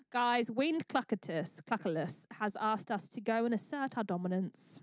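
A woman's voice: on the high side, expressive, moderate pace, no room sound, clean studio sound. A woman hosting a charity livestream, chatting bubbly and thanking viewers by name. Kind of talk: live-stream chat.

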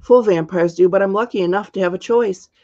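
A woman's voice: mid-range voice, fairly quick, darkish tone, natural voice. A woman voicing a polite, good-humored young vampire girl who teases lightly, in a dull lo-fi recording.

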